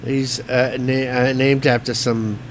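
A man's voice: medium pitch, little pitch movement, a little slow, a little hiss or hum. Chill guy co-host on the radio, always hedging, not sure of his facts. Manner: hedging, unsure, laid-back storytelling. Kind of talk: casual radio chat.

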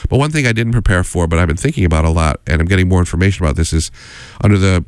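Deep-voiced man hosting talk radio. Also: very fast, clean tone, no room sound. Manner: rambling, digressive, earnest. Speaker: radio show host. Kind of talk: unscripted radio commentary. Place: college radio studio.

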